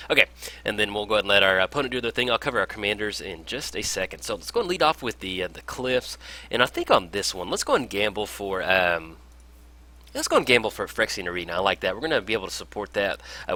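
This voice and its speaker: A man's voice: lowish voice, sharp tone. A man casually commentating his own card game match in an upbeat, chatty way, with frequent fillers. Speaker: gameplay commentator.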